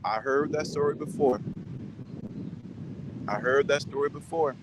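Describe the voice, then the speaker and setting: A man offers viewers casual advice in a stern tone, rambling and restarting often while repeating his points. His voice is on the high side and unhurried, with a noisy background.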